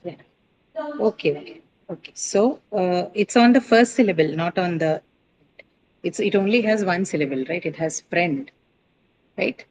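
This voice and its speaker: A woman with a somewhat low voice lectures a class as their teacher. She explains patiently and methodically. She keeps pausing to check that students follow with a quick "right?" or "okay?". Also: a little mellow, slightly rough, poor audio. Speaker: English teacher. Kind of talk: classroom lecture on word stress.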